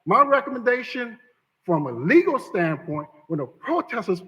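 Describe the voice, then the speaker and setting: A man speaking as an attorney during public comment at a city council meeting, arguing forcefully and repeating his points for emphasis. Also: high voice, big pitch swings, normal speed, breathy edge. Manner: forceful, emphatic argument with repetition. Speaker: attorney for a bidder. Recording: council chamber with long reverb.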